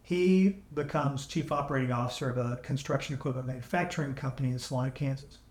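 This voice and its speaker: Earnest male podcast guest, halting emotional storytelling, roomy audio. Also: mid-range voice, darkish tone. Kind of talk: candid storytelling. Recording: echoey room, AI-salvaged audio.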